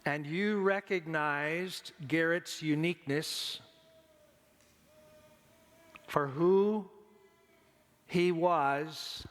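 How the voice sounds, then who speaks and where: A man preaching a funeral sermon, slow and deliberate, repeating his key lines. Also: fairly high pitch, a bit bright. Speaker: pastor. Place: church sanctuary. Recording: long church reverb.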